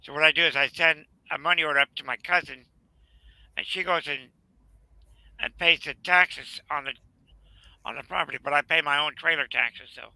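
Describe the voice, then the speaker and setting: A man with a Southern US accent telling a rambling family story in casual chat, halting with fillers. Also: on the high side, creaky, sharp tone, dry recording, poor audio. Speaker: channel host.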